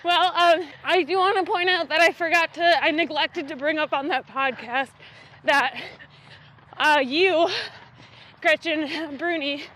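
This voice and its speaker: A woman co-hosts a relaxed podcast chat in a high voice. Her tone is bright and tense, and she teases playfully. She often pauses and hedges with ums. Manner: playful, teasing, hesitant with many ums. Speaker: podcast co-host. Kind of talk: casual chat.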